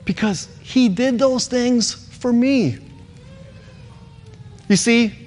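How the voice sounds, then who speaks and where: A man's voice: sits high, long reverb tail. A male pastor preaching a sermon in an earnest, emphatic way, repeating key words.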